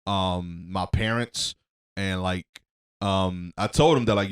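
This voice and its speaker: A man's voice: low-pitched, steady tone, slow pace, clear, resonant tone. A man co-hosting a casual podcast, talking in a laid-back way with slang and lots of "like". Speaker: podcast co-host. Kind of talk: casual chat.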